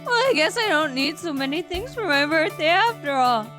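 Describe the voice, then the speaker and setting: Brief: earnest, generous little boy, very high. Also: sing-song, moderate pace, pushed and bright, faint music behind, exaggerated voice. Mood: musing.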